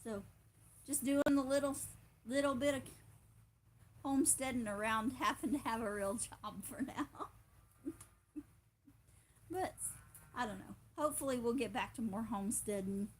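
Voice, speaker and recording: A woman's voice: fairly high pitch, moderate pace, long pauses, slight background noise. A woman hosting a casual homestead livestream, chatting in a rambling way and laughing often. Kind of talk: casual chat.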